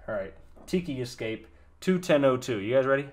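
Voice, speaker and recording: A young man streaming his live reaction to a musical, excitable, emotional and swearing often. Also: on the low side, fast.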